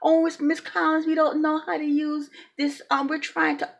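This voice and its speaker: Woman doing a mocking, high, sing-song impression of a dismissive office clerk. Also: level tone, normal speed, creaky.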